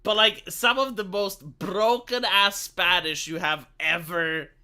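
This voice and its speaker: Man, from Romania, streamer host, mocking, animated, high voice, very bright tone. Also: slow pace, clean tone. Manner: animated, mocking, puts on impressions. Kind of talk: casual political banter.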